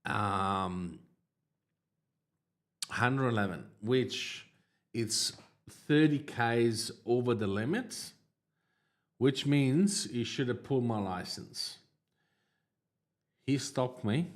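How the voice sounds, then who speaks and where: A man hosting a livestream, telling a personal story in a casual, halting way, with lots of fillers and restarts, laughing at his own tale. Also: mid-range voice, lively intonation. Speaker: livestream host.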